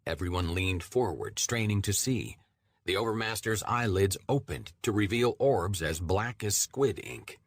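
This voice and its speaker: A man narrating a fantasy audiobook in a measured, steady first-person reading. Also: lowish voice, dry recording.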